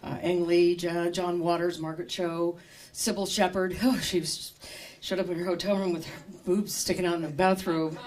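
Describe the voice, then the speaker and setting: A woman's voice: on the low side, level tone, normal speed, darkish tone. A middle-aged woman doing stand-up comedy at a live show in a store, wry and chatty, working the crowd with questions.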